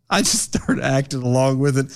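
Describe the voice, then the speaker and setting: A man in casual chat with a friend, telling a long story and acting out both sides of the phone calls with lots of restarts and laughter. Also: mid-range voice.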